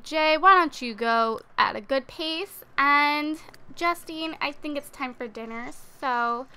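Bright, chatty young woman gamer. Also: high-pitched, smooth. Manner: chatty, full of fillers. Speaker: let's play host. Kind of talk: casual gameplay commentary.

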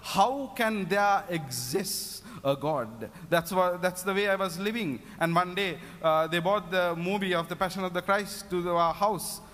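A man's voice: high voice, little pitch movement, normal speed, few pauses, fairly bright tone. Fervent man preaching in a hall. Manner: fervent, breaks into repeated hallelujahs. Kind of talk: sermon. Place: prayer meeting in a reverberant hall. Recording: long hall reverb.

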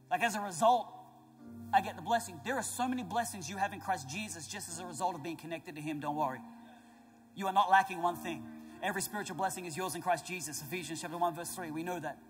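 A man preaching a sermon as pastor, emphatic and building to loud declarations, with joking asides to the congregation. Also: high voice. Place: church auditorium. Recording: large church hall with reverb and faint music.

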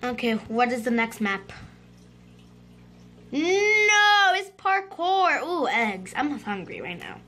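A woman giving excitable gameplay commentary for her channel, with dramatic outbursts and moments of frustration. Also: on the high side, normal speed. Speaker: gaming YouTuber.

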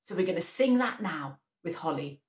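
A woman leading a preschool worship session, telling a Bible story slowly and expressively for small children. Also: on the low side, expressive, reverberant. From England.

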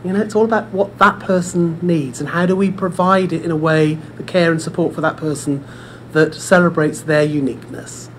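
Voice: mid-range voice, steady tone, fairly quick, slight background noise. A speaker giving a forum talk, chatty, often repeating words and addressing the audience directly, in an indoor room. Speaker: speaker at a dementia care forum. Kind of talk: presentation with personal storytelling.

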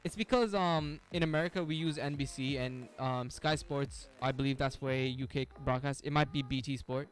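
A man's voice: mid-range voice, fairly even intonation, moderate pace, hardly any pauses, soft background music. A young man streaming a game live, chatting casually with viewers, full of slang, frequent laughs and restarts. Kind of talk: casual live-stream chat while gaming.

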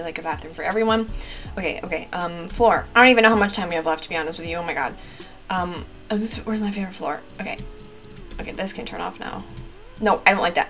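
A young woman with a Wisconsin accent, chatting frantically through a timed building challenge, full of fillers and repeated exclamations. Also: medium pitch. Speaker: gaming YouTuber. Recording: light background music.

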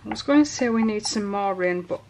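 A woman's voice: mid-range voice, animated, brisk, darkish tone, slight background noise. A woman from England hosting a soap-making tutorial, chatting in rambling asides while she works. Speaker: soap-making channel host. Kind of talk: casual demonstration tutorial.

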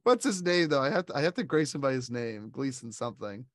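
A man's voice: mid-range voice, big pitch swings, quick pace, no room sound, studio quality. A man co-hosting a casual film chat, enthusiastic and laughing often as he recounts favorite scenes. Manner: enthusiastic, laughs often, quotes lines in put-on voices. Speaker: podcast co-host.

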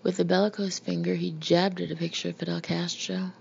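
A woman narrating an audiobook in a steady, measured, gravelly voice, in a muffled lo-fi recording. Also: lowish voice. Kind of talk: audiobook reading. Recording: muffled lo-fi recording with faint hiss.

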